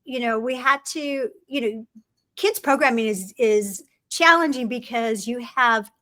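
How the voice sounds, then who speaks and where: A middle-aged woman, a guest in an interview, telling stories about her career in an animated way and acting out the people she quotes. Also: fairly high pitch, measured pace, no room sound. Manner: animated storyteller, acts out quoted people, laughs often. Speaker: film writer and producer guest. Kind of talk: conversational interview storytelling.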